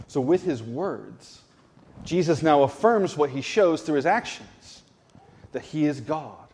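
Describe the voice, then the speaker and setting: A man preaching a sermon as pastor, slow and deliberate, leaning on emphatic repetition. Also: medium pitch, expressive, a little mellow, in a large hall.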